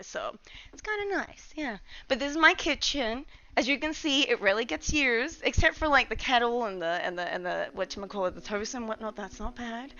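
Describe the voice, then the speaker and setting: Speaking to viewers from her kitchen at home, a young woman keeps up a casual live-stream chat with her chat, sounding scatterbrained and a bit breathless. The voice is a little high, with a pushed, bright quality.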